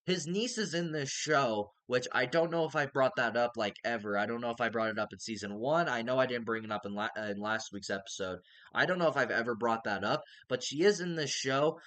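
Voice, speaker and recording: A man's voice: mid-range voice, a little fast, fairly bright tone. Rambling, hedging male vlogger. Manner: rambling, hedging, casual swearing. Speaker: TV show reviewer. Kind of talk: casual vlog review.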